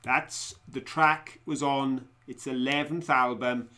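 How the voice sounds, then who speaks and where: A man's voice: mid-range voice, steady tone, slow pace, hardly any pauses, pushed and bright. A man co-hosting a casual live stream, joking around, telling anecdotes and asking quiz questions. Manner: jokey, storytelling, quizmaster.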